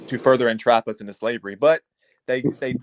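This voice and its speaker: Animated young man hosting a stream. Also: medium pitch, fast, no room sound, poor audio. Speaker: livestream host. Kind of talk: casual livestream chat.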